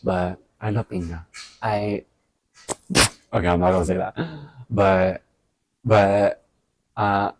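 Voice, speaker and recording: A man talking in a casual stream-of-thought vlog, animated, swearing often and laughing at his own stories. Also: lowish voice, a little slow, creaky, pauses often, no echo. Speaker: vlogger.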